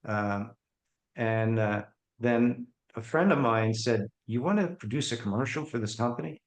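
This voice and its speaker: His mid-range voice moves at a measured pace as he shares anecdotes from his working life as a podcast guest. He brings the stories alive by imitating the people in them, all captured in an echoey space.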